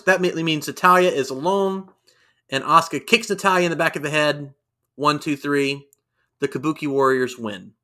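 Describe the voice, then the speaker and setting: A man's voice: a little high, pushed and bright. A man co-hosting a casual review podcast, talking animatedly and acting out quotes in raised voices. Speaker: podcast co-host. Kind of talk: casual wrestling review chat.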